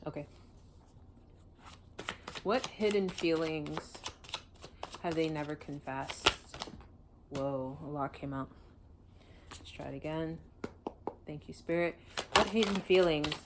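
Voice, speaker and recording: A woman's voice: low voice, fairly even intonation, slow pace, long pauses, very noisy. A woman doing a casual tarot reading, blunt and emotional, swearing freely. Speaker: tarot reader.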